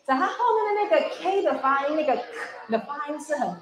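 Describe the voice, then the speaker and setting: A young woman with a bright, high voice cheers on schoolchildren as she leads them through tongue twisters. She sounds upbeat and encouraging and laughs often. Her voice bounces around a roomy school hall, with a faint murmur of children behind it. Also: animated, quick pace, noisy background. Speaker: visiting radio presenter leading a school activity. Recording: echoey hall with children's chatter.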